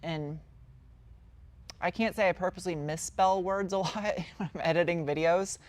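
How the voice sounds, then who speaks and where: Speaking at normal speed with a fairly low, darkish voice, this woman chats loosely through viewer questions on her live stream. She's a car-build YouTuber, reading each question aloud before wandering into her answer.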